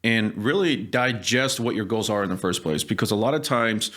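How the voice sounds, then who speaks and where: A man's voice: fairly low pitch, moderate pace. Casting: emphatic man coaching sales in a podcast chat, keeps checking in with "okay?". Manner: acts out sales calls in lively put-on voices. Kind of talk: conversational advice on a podcast.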